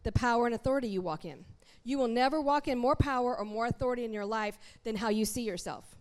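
A woman preaching a sermon in a church, talking straight to the congregation in an animated, conversational way. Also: on the high side, fast talker.

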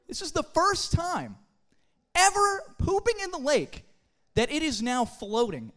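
A young adult telling a funny story to a church group, in a chatty, animated way with casual fillers. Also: high voice. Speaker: speaker at a church youth gathering. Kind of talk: humorous storytelling talk to a group.

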